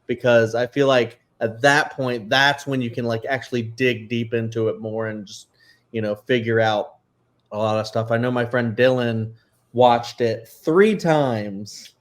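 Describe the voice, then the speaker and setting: A man co-hosting a casual chat show, rambling with many fillers, excitable and a little emotional. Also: mid-range voice, unhurried. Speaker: co-host.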